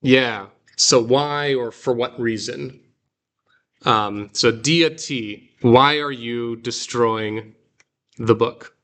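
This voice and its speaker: Slow, patient male teacher. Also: medium pitch, a bit bright. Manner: slow, patient explaining with fillers and restarts. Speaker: Greek teacher. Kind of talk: guided reading lesson.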